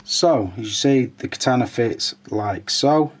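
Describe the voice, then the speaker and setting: A man's voice: mid-range voice, expressive, a little slow. A man giving a casual, chatty walkthrough of a collectible figure, with frequent "uh" fillers. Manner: chatty, informal, hesitant with fillers. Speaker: toy reviewer.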